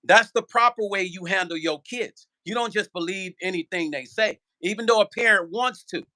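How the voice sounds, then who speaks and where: At a moderate pace, this high-voiced man, a vlogger and musician, vents on his channel about a person who wronged him, addressing viewers directly. His bright, edgy tone carries plenty of swearing, and he keeps circling back with rhetorical, repeated questions in a heated, casual rant.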